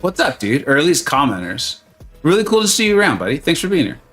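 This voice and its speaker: A man's voice: a little high, sing-song, quick pace, fairly bright tone, faint music behind. A man chatting casually and joking with viewers while streaming a game, greeting them by name. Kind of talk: casual live-stream chat.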